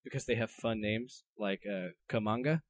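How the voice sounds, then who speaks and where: A man's voice: fairly low pitch, normal speed. A man co-hosting a casual comedy podcast, reading out odd news stories and stumbling over his notes.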